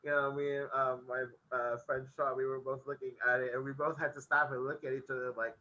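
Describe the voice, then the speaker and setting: Bright-voiced laughing podcast man. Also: mid-range voice, flat delivery, brisk, hardly any pauses, dull audio, slight background noise. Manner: laughs often while recapping. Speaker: podcast co-host. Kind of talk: casual podcast chat.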